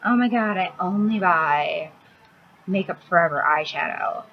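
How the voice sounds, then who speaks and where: A woman's voice: lowish voice, a little slow, dull audio, slight background noise. A woman voicing a snobbish young makeup lover who gushes breathlessly in a valley-girl manner. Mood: gushing.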